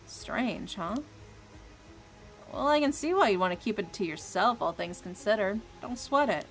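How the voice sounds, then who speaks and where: A woman's voice: medium pitch, lively intonation, normal speed, soft background music, lightly acted, low-quality recording. A woman voicing a caring, encouraging young woman in a game.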